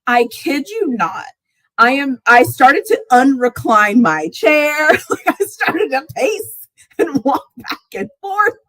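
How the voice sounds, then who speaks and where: High voiced woman ranting on a live sports stream, laughs a lot, voice jumps all over, dry close sound. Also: slow, no room sound, rough recording. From Texas fan, not origin. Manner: animated, laughs often, exclaims in rising squeals. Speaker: sports talk livestream host. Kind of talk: casual live chat.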